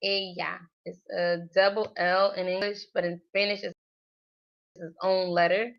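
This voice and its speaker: A woman's voice: fairly low pitch, level tone, measured pace, highs cut off. A woman livestreaming her language study, thinking aloud hesitantly with many fillers. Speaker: language learner.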